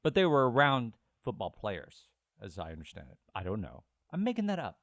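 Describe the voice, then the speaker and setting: A man's voice: medium pitch, huge pitch swings, brisk, a bit bright, no room sound. A man from the United States hosting a podcast, bantering in a playful, self-mocking way. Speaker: podcast host. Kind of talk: casual podcast chat.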